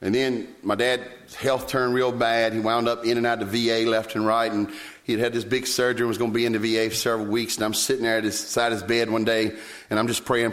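A man, preaching a sermon as a pastor, telling personal stories with sudden leaps up in pitch when he quotes himself. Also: a bit bright. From Virginia, US.

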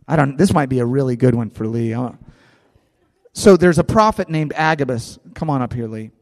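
Animated man preaching in a reverberant hall. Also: mid-range voice, normal speed. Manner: animated, repeats words, acts out scripture with a volunteer. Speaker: pastor. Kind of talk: sermon.

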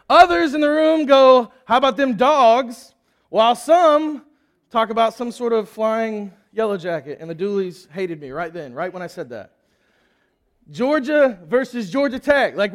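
Joking high-voiced preacher. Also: male voice. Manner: joking, conversational preaching with audience asides. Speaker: youth pastor. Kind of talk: sermon. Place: church hall with audience.

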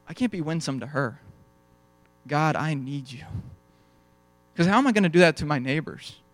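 Delivering a sermon, this young male pastor takes a conversational, story-driven approach and slips into short acted-out exchanges of dialogue. The audio is close and dry, without any room reverb, and his pitch runs slightly higher than most men's.

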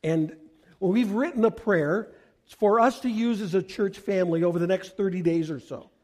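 A male pastor with a high voice delivers an earnest sermon to his church. He swells to loud, emphatic peaks at key lines. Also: moderate pace.

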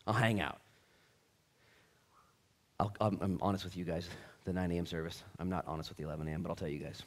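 A man preaching a sermon with casual slang, swinging between loud bursts and hushed, earnest stretches. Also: low voice, fairly even intonation, fast. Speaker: pastor.

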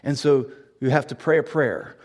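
A man preaching a sermon to a congregation, building to loud, emphatic, repeated lines. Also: mid-range voice, normal speed. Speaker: pastor.

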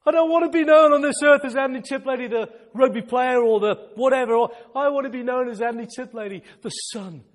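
A male preacher delivering a fervent sermon, repeating phrases for emphasis and sometimes shouting with excitement. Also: very high voice, a little fast, hardly any pauses, big-room sound.

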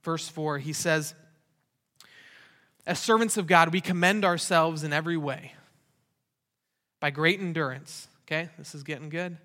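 A man's voice: on the high side, measured pace, long pauses, bright, forceful tone. A man preaching a sermon as pastor, in an earnest, conversational way with rhetorical questions. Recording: long reverb of a large hall.

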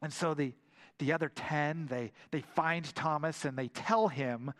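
A man preaching a sermon, retelling the story in an animated way and often repeating words as he goes. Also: a little high, measured pace. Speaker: pastor. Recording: long hall reverb.

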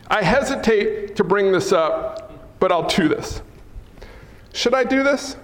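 A male pastor preaching a lively, teasing sermon, acting out scenes in a church sanctuary. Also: high voice, takes it slowly. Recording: echoey hall with long reverb.

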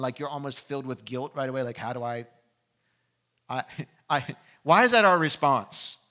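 A man preaching a sermon, telling his story with animated voices and direct questions to the listeners. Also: on the high side. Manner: animated storytelling, acting out voices in a courtroom scene. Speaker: pastor.

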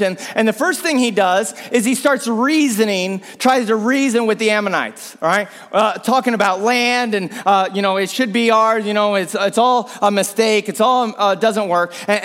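Male pastor preaching, high and lively voice, long church-hall reverb. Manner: animated preaching, drops to a hushed voice for emphasis. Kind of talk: sermon.

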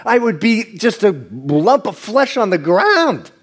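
A man preaching a sermon to a congregation, moving from hushed, slow passages to loud, excited bursts. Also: high voice. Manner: animated preaching, jumps between hushed and loud. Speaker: pastor.

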